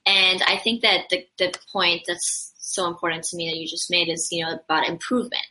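A woman's voice: on the low side, steady tone, fairly quick, pushed and bright, poor audio. A woman speaking earnestly and at length in a casual conversation, with frequent fillers and repeated starts.

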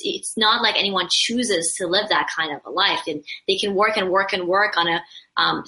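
A woman's voice: lowish voice, sharp tone, poor audio. A woman speaking earnestly and at length in a casual conversation, with frequent fillers and repeated starts.

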